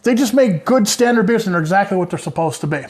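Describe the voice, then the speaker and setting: A man's voice: high voice, expressive, fast. A middle-aged man hosting a casual beer review at home, chatty and joking with rambling asides. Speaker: show host.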